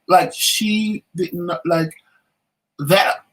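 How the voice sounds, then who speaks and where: On a casual talk show, a co-host with a high voice tells a story slowly, his delivery animated as he acts out each person's lines. The audio quality is poor.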